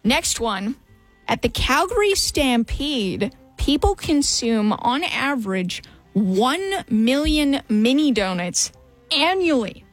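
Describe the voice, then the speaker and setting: A woman hosting a radio show, running a playful trivia quiz with a bright, upbeat manner. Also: sits high, very animated, takes it slowly, faint music behind. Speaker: radio host.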